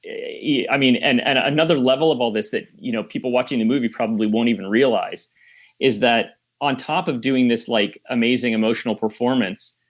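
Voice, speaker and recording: Thoughtful, mid-pitched film director. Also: male voice. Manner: thoughtful, measured, restarts phrases. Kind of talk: casual interview chat.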